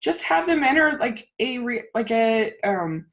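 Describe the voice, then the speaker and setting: A young woman hosting a casual movie podcast, talking in an animated, ranting way with lots of fillers. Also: on the high side, a little slow. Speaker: podcast host. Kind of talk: casual chat.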